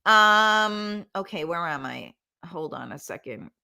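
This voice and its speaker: A middle-aged woman hosts a casual live-stream chat. Her voice is bright and forceful, and she rambles through fillers and restarts, swearing bluntly as she reads out viewer comments. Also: lowish voice, lively intonation, takes it slowly, gravelly, smooth. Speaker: talk show host reading live comments.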